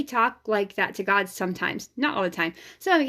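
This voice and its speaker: A woman with a fairly high voice hosts her own vlog as an energy healer. She talks in a frank, casual way and puts strong emphasis on her points, dropping the odd swear word. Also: animated, a little fast, few pauses, sharp tone. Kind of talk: casual spiritual vlog talk.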